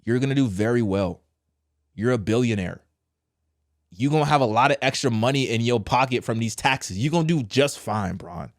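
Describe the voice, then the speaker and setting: A man hosting a casual opinion commentary, talking slangy and direct, swinging between loud outbursts and quiet low asides. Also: lively intonation, normal speed, no echo, clean studio sound. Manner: casual slangy address, says bro. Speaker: commentary host.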